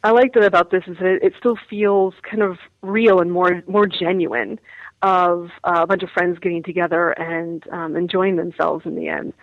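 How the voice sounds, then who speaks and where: A woman's voice: fairly low pitch, level tone, normal speed, dry recording, phone-quality sound. A woman, an actress, chatting in an interview, laughing often and restarting her words. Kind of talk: casual interview chat.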